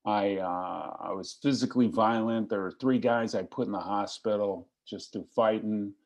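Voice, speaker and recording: A man's voice: on the low side, steady tone, normal speed, darkish tone. A middle-aged man telling his personal recovery story to a meeting, in a wry, self-deprecating, joking way. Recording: slightly lo-fi recording.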